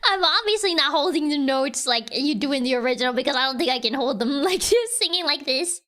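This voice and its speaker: A woman's voice: high-pitched, expressive, brisk, fairly bright tone. A woman streamer chatting casually between karaoke songs, giggly and self-deprecating, rambling with fillers.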